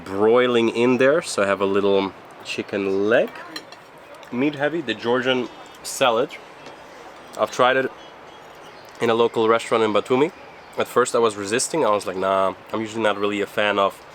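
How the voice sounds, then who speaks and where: A man's voice: lowish voice, slight background noise. Chatty upbeat travel vlogger man. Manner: chatty, upbeat, loose self-corrections. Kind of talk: casual travel vlog.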